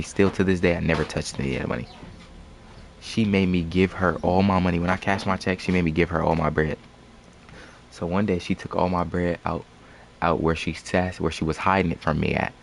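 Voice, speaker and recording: A man's voice: sits low, gravelly, slight background noise. A young man telling a story in a loose, slangy, rambling way on a casual live stream. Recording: music playing behind.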